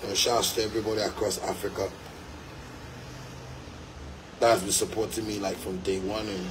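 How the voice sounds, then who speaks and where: A man's voice: fairly low pitch, level tone, quick pace, noisy background. Fiery Ghanaian man ranting to fans. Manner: fiery, repetitive, emphatic, slipping into pidgin. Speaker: musician. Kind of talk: impassioned monologue to fans.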